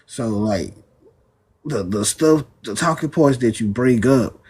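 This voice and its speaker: A man's voice: mid-range voice, expressive, takes it slowly, darkish tone, breathy edge. A man from the US moderating and arguing on a live debate panel, casual and dismissive.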